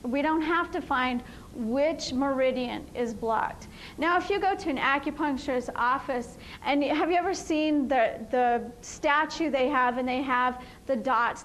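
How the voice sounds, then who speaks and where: A woman's voice: sits high, a little slow, a bit bright, a little hiss or hum, rough recording. A woman practitioner teaching in an earnest, emphatic way, repeating her key points. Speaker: EFT practitioner teaching a session. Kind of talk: informal teaching talk.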